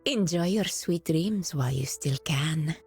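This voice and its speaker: A woman's voice: deep voice, lively intonation, unhurried, a little mellow, breathy edge, no echo, faint music behind, exaggerated voice. An actress playing a gleeful, power-hungry female mercenary in game voice lines, teasing and menacing. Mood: playful. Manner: playful, menacing, laughing. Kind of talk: English game voice line.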